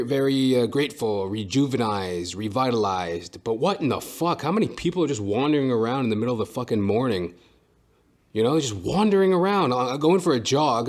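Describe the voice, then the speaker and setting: A man hosting his own podcast, talking alone in a rambling, profane way with many fillers and asides. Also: mid-range voice. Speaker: podcast host and stand-up comedian. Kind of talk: casual solo monologue.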